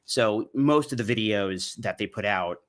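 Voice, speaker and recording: A man's voice: on the low side, measured pace. A man giving sarcastic, mocking commentary on religious videos. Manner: sardonic, mocking. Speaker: commentary YouTuber.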